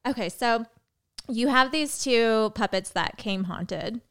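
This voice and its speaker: A woman hosting a podcast interview, chatting casually, giggling and adding quick asides. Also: a little high, clear, resonant tone. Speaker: podcast host.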